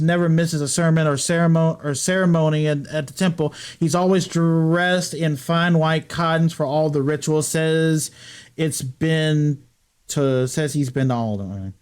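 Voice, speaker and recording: Guy doing a scared old country fella, high shaky drawl, begging and fretting. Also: clean tone, lightly acted. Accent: put-on American country accent. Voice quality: drawling, folksy. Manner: panicky, pleading, breathless. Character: frightened old rural man hiding from guards. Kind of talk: reading game dialogue in character.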